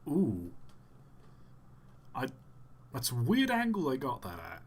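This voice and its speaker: A man's voice: mid-range voice, wildly swooping pitch, takes it slowly, slightly rough. A man hosting a live stream, tired and yawning, giving dry, sarcastic running commentary on pictures with groans of disbelief. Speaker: livestream host.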